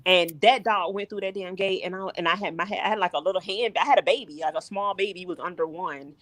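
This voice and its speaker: A woman in her thirties chatting casually on a podcast, telling animated, exasperated stories. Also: fairly low pitch, quick pace, dry recording. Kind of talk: casual chat.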